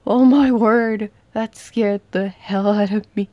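A young woman commenting on a horror game she is playing, dramatic, shouting and taunting the villain as she goes. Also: medium pitch, steady tone, slow, dull audio. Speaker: gaming youtuber. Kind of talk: excited let's-play commentary.

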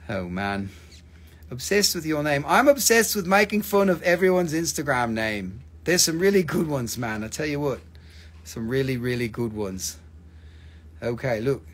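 Man, husky, animated pitch, fairly high voice, joking live sales patter. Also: normal speed. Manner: joking, swearing, lively asides. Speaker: live-stream crystal seller. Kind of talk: casual live sales chat.

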